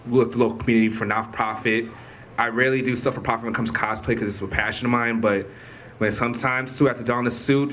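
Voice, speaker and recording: A man's voice: fairly low pitch, fairly bright tone, a little hiss or hum. A man from Buffalo, New York, introducing himself on a college panel in a loose, chatty way. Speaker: panelist, dancer and cosplayer. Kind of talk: casual panel self-introduction.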